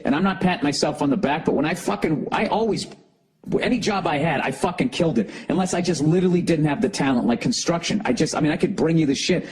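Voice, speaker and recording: A raspy-voiced man hosting a comedy podcast by himself. He rants in an exasperated, heavily profane way. His pitch sits in an ordinary middle range. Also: a little mellow. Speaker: podcast host. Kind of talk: solo comedic podcast rant.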